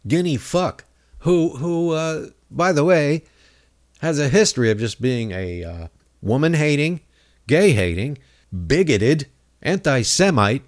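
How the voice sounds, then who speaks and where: Profane ranting man, lively pitch. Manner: angry, insulting, rambling with many fillers. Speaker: comedic ranter. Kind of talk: profane political rant.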